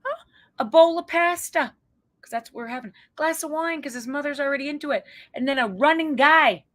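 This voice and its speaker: A woman psychologist giving a lively keynote talk to parents, telling stories with humorous asides and acting out quoted voices. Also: high-pitched, fairly quick. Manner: conversational, checks in with the audience.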